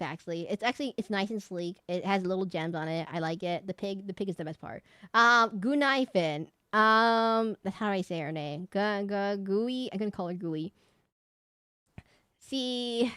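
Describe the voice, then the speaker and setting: A woman streamer with a mid-range, slightly bright, smooth voice chats casually while ranking characters in live-stream commentary. She rambles, laughs and often corrects herself, and the recording is dry and studio quality.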